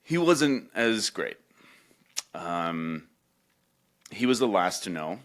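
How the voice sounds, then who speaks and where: A young man from Newfoundland with a low-pitched voice tells a heartfelt personal story on a casual podcast. He talks emotionally and sometimes leaps far up in pitch to mimic his mother. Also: big pitch swings, slow, fairly bright tone. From Newfoundland, Canada. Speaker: podcast co-host.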